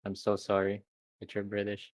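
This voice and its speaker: A man's voice: fairly low pitch, monotone, normal speed. A young man co-hosting a casual stream, laid-back and joking. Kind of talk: casual livestream chat.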